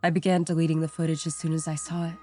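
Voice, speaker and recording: Low, dark-voiced woman narrating horror. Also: flat delivery. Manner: measured, somber storytelling. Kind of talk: scripted narration. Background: faint background music.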